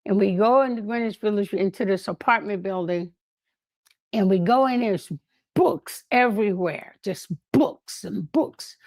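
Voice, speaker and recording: An older woman telling lively anecdotes in a casual way, laughing often and acting out what others said. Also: medium pitch, a little slow, dry recording. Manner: animated, laughing, acts out quoted voices. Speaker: guest storyteller.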